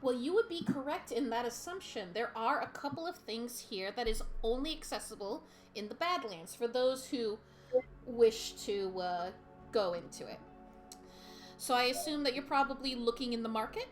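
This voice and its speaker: A woman narrating a tabletop game as game master, unhurried and quick to laugh. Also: on the high side, expressive, faint music behind.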